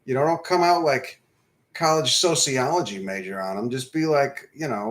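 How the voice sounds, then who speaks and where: A man in his thirties rambles through a casual live-stream chat, his voice sitting at an ordinary middle pitch. He swears freely and drifts off topic easily, with a laid-back, unhurried delivery. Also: lively intonation, a bit bright. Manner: profane, digressive, laid-back storyteller. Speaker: livestream host.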